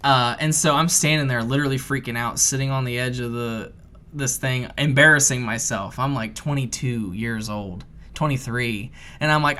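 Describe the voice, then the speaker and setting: A man co-hosting a podcast, telling a casual story with loose, rambling phrasing full of fillers and restarts, and animated when he acts out his own panic. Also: mid-range voice, moderate pace. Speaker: podcast co-host.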